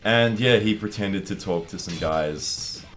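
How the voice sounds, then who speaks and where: A man's voice: on the low side, measured pace, faint music behind. A young Australian man co-hosting a casual gaming chat, telling a story with lots of swearing and acted-out voices. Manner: animated, swearing, acts out voices in his stories. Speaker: co-host.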